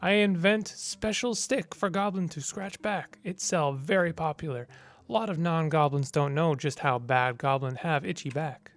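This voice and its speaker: A man voicing a fat, rich, smug male goblin lord who boasts in slow, broken speech. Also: fairly high pitch, fairly bright tone.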